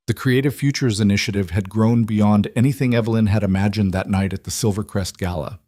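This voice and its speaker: A man with a low voice reads a drama story aloud in an even, measured way. The recording is dry and close to the mic, with no room sound behind it. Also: no room sound. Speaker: narrator. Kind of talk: scripted narration.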